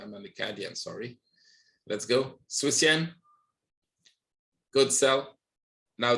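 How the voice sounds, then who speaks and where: A man's voice: lowish voice, a bit bright. A man hosting a trading webinar, walking through charts on screen and checking in with listeners with frequent "right?". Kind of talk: live screen-share market analysis.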